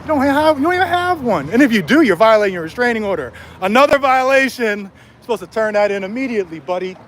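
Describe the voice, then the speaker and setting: A man's voice: very high voice, lively intonation, fast, a bit bright, a little hiss or hum. A man ranting angrily on a livestream from a city street, swearing and taunting a rival, recorded on a cell phone. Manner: angry, profane, taunting.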